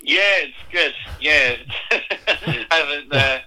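English male guest, crisp bright voice, giggly banter. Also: fairly high pitch, very slow, poor audio. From England. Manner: laughing, playful. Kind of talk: casual chat. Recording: bright online call audio.

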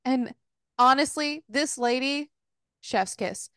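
A woman's voice: high-pitched, takes it slowly, a bit bright, smooth, dry recording, studio quality. A woman co-hosting a podcast, recapping a novel in casual, frank chat and swearing freely. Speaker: podcast co-host.

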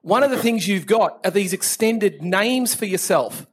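A man's voice: high-pitched, lively intonation, a little slow, slightly rough. A man with an Australian accent chatting as a podcast guest, playful and teasing, dropping local slang. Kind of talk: casual chat.

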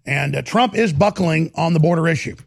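A man's voice: on the high side, fairly quick, creaky, no echo, studio quality. A man with a Texan accent hosting opinionated political commentary, sarcastic and mocking. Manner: sarcastic, mocking, slips into put-on voices.

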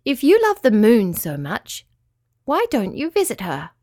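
A woman's voice: on the high side, huge pitch swings, unhurried, a little mellow, dry recording, full character voice. Friendly young female blackbird for a storybook, read by a woman, dry close mic.

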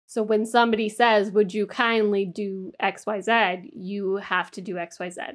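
A woman in casual podcast chat, walking through a long story step by step, with an easy, mid-pitched voice and a scattering of fillers. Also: a bit bright. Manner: explains at length, with fillers. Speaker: podcast co-host.

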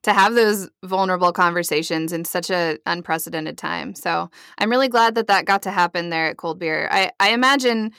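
A woman's voice: on the low side, fairly quick, vocal fry, hardly any pauses, fairly bright tone, clean tone, no echo. Young woman interviewer, affirming and upbeat, dry close-miked sound. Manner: encouraging, affirming, frequent mm-hmms. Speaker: podcast host. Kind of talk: interview hosting.

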